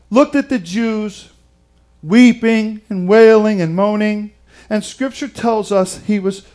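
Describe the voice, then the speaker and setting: High-voiced male preacher, dramatic. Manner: dramatic dynamics, dropping to hushed tones for emphasis; asks the audience questions. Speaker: pastor. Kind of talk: sermon.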